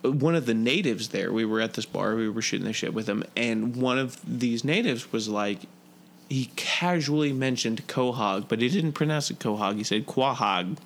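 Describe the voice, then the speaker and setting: Creaky-voiced man swearing through casual chat. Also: medium pitch, moderate pace. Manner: rambling, swears often, restarts a lot. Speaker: podcast co-host.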